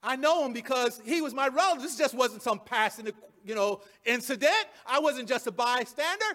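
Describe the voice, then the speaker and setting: A man's voice: very high-pitched, lively intonation, moderate pace, a bit bright, big-room sound. A man voicing an indignant man who confronts someone he saw cut off his relative's ear, firing off questions. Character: accusing man confronting a denier.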